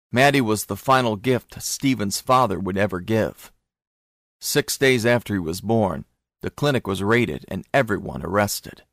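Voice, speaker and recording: A man narrating an audiobook in a steady, even storytelling manner. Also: on the low side, no echo, studio quality.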